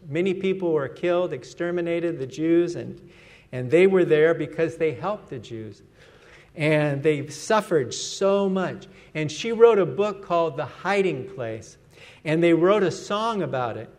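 Pastor, male, high voice, unhurried delivery, earnest and emphatic sermon style. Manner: earnest, emphatic, lets his voice fall at phrase ends.

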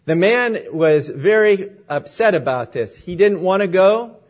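A man's voice: high voice, animated, a little slow. A male pastor opening in prayer and telling a story as he preaches a sermon.

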